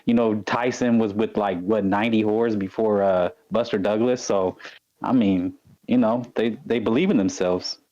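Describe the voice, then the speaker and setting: A man's voice: on the low side, fairly even intonation, normal speed, darkish tone. A man on a casual podcast panel, talking bluntly and teasing the host. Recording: dull lo-fi mic.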